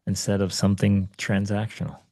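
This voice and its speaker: A man in his forties speaks as an interview guest, his voice dark and mellow. He tells personal stories with urgent, emphatic conviction and leans into his points like a pep talk. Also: lowish voice, monotone, a little fast. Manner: emphatic storyteller, urgent and preachy. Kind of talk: conversational interview.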